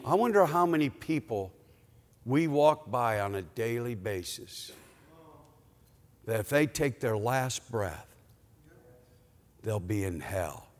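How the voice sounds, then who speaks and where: A man preaching a sermon as pastor, telling a personal story in an animated, conversational way. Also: mid-range voice, slow pace, pauses often, long reverb tail.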